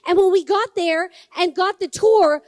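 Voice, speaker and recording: A woman's voice: very high voice, unhurried, darkish tone, no room sound. A woman, a congressional candidate giving a campaign speech and telling stories while talking directly to the crowd. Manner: conversational storytelling, addresses the crowd directly.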